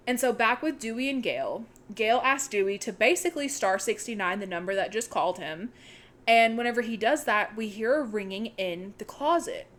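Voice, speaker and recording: A young woman co-hosting a podcast, excitedly retelling a movie's plot in casual chat and swearing freely. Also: medium pitch. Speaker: podcast co-host.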